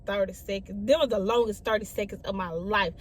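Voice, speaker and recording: A woman's voice: mid-range voice, fairly even intonation, fairly quick. A young woman telling a personal story in a casual, chatty way, often repeating herself and talking straight to her listeners. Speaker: storyteller vlogger.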